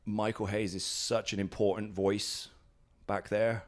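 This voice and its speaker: At home for a casual interview, a British pro wrestler talks at a measured pace, his low voice showing little pitch movement. His storytelling rambles, with many fillers and restarts, and he acts out what others said.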